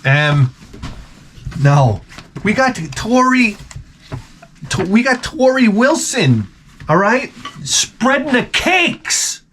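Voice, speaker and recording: A man rambles through profane comic stories, laughing a lot. His voice sits fairly high and swings widely in pitch. A faint hiss runs under it. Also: sing-song, slow pace, long pauses, a bit bright. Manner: crude, rambling, laughs often, acts out quotes. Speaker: vlogger.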